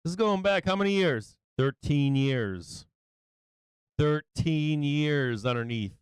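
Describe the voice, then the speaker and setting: A man hosting a live stock market stream, excitable and taunting, repeating his phrases and laughing often. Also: fairly high pitch, slow, clear, resonant tone, dry recording. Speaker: stock market livestream host.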